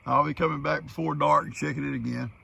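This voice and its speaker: A man's voice: on the high side, fairly even intonation, quick pace, vocal fry, sharp tone, breathy edge. A man with a Southern US accent, outdoors by flooded fields, giving an easygoing, plain-spoken video update. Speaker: farm video host.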